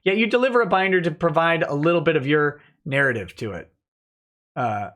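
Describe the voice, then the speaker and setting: A man with a fairly high voice hosts a laid-back livestream at his desk mic. He reads viewer comments aloud in a chatty, offhand way and tosses quick replies back. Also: animated, a bit bright. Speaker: livestream host reading chat. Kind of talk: relaxed live-stream chat.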